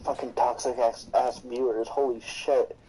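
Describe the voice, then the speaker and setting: A man's voice: mid-range voice, level tone, measured pace, warm tone, slight background noise, poor audio. A man who streams games, chatting casually and bluntly, swearing often. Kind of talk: casual chat.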